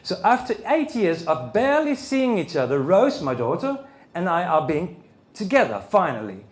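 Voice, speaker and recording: At a men's issues conference, a high-voiced man speaking at normal speed tells the audience a personal story, animatedly acting out the lines of the other people in it. The conference hall recording sounds roomy.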